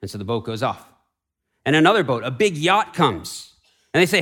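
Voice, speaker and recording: A man preaching a Sunday sermon in a church sanctuary, shifting between raised, urgent declarations and hushed, pleading passages. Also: mid-range voice, big pitch swings, normal speed. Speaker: pastor.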